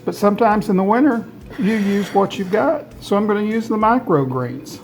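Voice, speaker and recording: A man with a high, animated voice talks at a normal speed. He's from Tennessee, USA, and hosts a home gardening channel, chatting in a folksy, homespun way as he shows off food he made in his home kitchen for a casual food demonstration.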